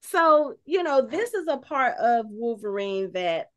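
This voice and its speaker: A woman's voice: fairly high pitch, very animated, a little slow. Rambling woman podcast host. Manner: thinks aloud, with many filler words and restarts. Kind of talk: casual chat.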